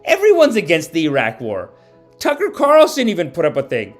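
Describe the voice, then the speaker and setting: Give me a male comedian hosting a live stream, rambling and animated with a fairly high voice. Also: a little fast, faint music behind. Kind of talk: casual live-stream rant. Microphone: home streaming mic.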